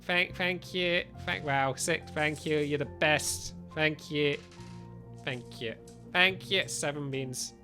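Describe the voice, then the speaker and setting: A chatty man streams a game live, talking into a studio mic with a pop filter. His voice sits fairly high and rings bright and forceful. Faint game music plays underneath as he keeps thanking his viewers. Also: slow pace.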